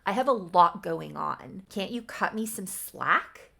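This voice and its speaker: A woman's voice: fairly low pitch, animated, takes it slowly, vocal fry, pushed and bright, heavily acted. A woman voicing a defensive young man, a university student answering his girlfriend, in a soap opera recap. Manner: defensive, pleading.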